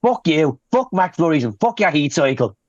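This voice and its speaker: Hoarse, profane Dublin man ranting. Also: on the high side, very animated, normal speed, no room sound, muffled recording. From Ireland. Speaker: podcast co-host. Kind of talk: casual wrestling chat.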